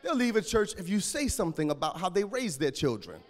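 Male pastor, high voice, AAVE, shouting sermon with a cracking voice, echoing church hall. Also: sing-song, brisk. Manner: preaching with call-and-response and sudden shouts.

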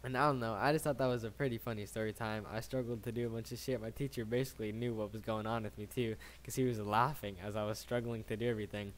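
A man's voice: on the low side, fairly even intonation, fast talker, hardly any pauses, a little hiss or hum. A young man in his late teens telling a casual story, rambling and slangy, swearing often and tagging his sentences with "right?".

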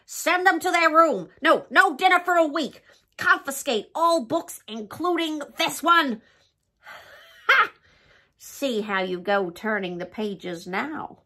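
A woman's voice: sits high, lively intonation, slow pace, bright, forceful tone. A woman reading a picture book aloud in a dramatic, pleading, playful way, as the host of a storytime channel.

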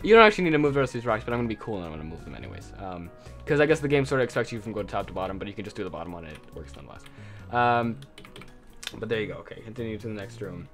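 A man's voice: lowish voice, sing-song, very fast. Man, casual gameplay commentary, rambling, lots of uhs, faint music underneath. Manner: rambling, self-deprecating, lots of fillers. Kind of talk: casual let's-play commentary. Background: game music.

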